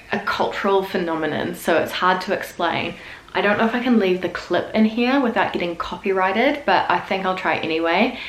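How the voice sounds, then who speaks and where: A woman's voice: lowish voice, reverberant. A young adult woman with a New Zealand accent, explaining local sayings in a casual vlog and acting some of them out. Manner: chatty, acts out sayings in a lively put-on voice. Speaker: vlogger.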